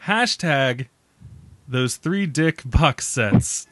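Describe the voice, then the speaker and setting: A man's voice: medium pitch, animated, extremely slow, fairly bright tone, no echo. A tired man co-hosting a casual movie podcast, rambling and joking, laughing often. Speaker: podcast co-host.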